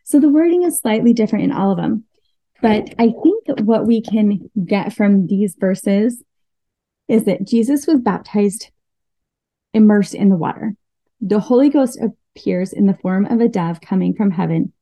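Woman podcast host, really mellow dark voice, dry close mic, earnest chatty scripture talk. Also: medium pitch, normal speed, dry recording, low-quality recording. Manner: earnest, thinks aloud with fillers and restarts. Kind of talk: casual scripture study talk.

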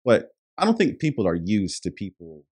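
Animated man telling a story. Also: fairly low pitch, normal speed, breathy edge. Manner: animated storyteller, acts out dialogue, laughs often. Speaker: podcast co-host. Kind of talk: casual chat, storytelling.

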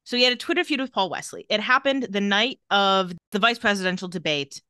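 Woman podcast co-host, casual wry recap; bright, smooth voice, dry close sound. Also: mid-range voice, fairly quick, dry recording. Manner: recounting tweets with wry commentary.

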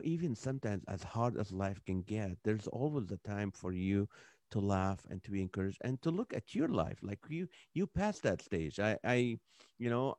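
A man's voice: on the low side, darkish tone, dry recording. A man hosting a podcast over a video call, telling stories in a loose, rambling way. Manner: storytelling, loose and rambling with fillers. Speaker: podcast host, comedian. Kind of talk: casual podcast conversation.

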